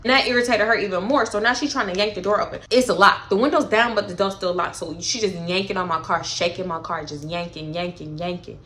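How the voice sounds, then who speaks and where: A young woman telling a story in a casual vlog, animated and profane, with dramatic retellings. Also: mid-range voice, quick pace, few pauses. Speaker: storytime vlogger.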